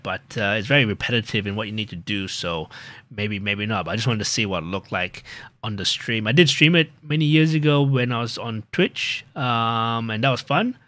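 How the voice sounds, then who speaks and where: A man's voice: mid-range voice, sharp tone, no room sound. A gaming streamer chatting casually at the end of his stream, rambling with plenty of fillers and restarts.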